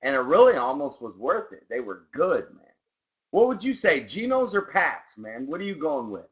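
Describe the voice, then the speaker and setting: A man's voice: fairly high pitch, big pitch swings, moderate pace. A male co-host in casual chat who enthusiastically greets listeners by name. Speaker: podcast co-host. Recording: dull lo-fi sound.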